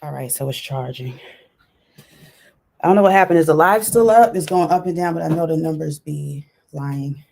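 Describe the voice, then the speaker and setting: A woman runs a relaxed livestream from her computer, addressing viewers directly and frequently restarting sentences or using fillers. Her low voice is creaky and darkish, at a moderate pace.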